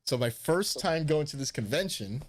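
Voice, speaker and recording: A man's voice: on the high side, moderate pace, slight background noise. A man hosting a live stream, casually telling a story, swearing freely and acting out what people said in a raised voice. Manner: animated, swearing, acts out quotes in a raised voice. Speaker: host.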